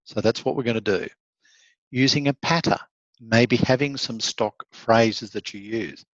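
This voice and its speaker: A man's voice: mid-range voice, a little slow, no room sound, lo-fi sound. A man giving an online law lecture, encouraging and conversational, reading out students' comments. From Australia. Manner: encouraging, conversational, laughs often.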